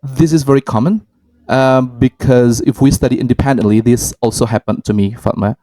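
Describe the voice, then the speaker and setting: Guy co-hosting a learning chat, hesitant, dark mellow voice, dry close sound. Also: medium pitch, steady tone, brisk, no room sound, poor audio. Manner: hesitant, many ums and restarts, models example phrases. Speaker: podcast co-host. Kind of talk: casual educational chat.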